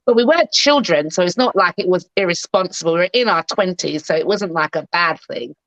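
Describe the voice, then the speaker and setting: A woman's voice: lowish voice, animated, fairly quick, fairly bright tone, dry recording, rough recording. A middle-aged woman and actress, chatting playfully as a guest on a talk show. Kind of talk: casual chat.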